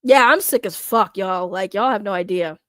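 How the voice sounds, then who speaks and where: A woman's voice: mid-range voice, normal speed, no room sound, clean studio sound. A woman streamer reading her chat aloud in casual, blunt, profane talk, congested from a cold and laughing often.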